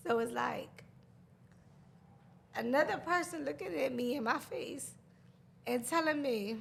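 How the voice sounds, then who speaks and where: Grieving woman with a gravelly voice. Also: high-pitched, a little hiss or hum. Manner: raw, halting, nervous laughter through grief. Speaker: guest. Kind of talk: emotional personal storytelling.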